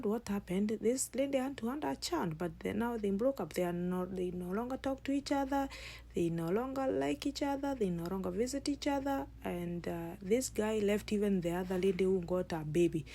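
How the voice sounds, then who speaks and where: A woman's voice: mid-range voice, dark tone. A woman vlogger chatting casually to her viewers as she retells a family story while cooking, rambling and restarting as she goes.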